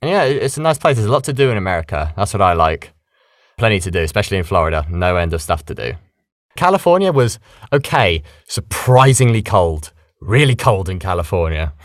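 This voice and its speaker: British male voice actor, low-pitched and very animated, dry close sound, casual interview. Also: brisk, dry recording. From Britain. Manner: lively, chatty, animated explaining. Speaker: voice actor guest.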